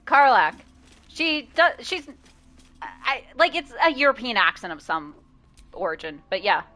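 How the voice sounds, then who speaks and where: A woman's voice: on the high side, big pitch swings, a little slow, pushed and bright, soft background music. A woman streaming a video game, talking casually with chat, swearing often and laughing between remarks.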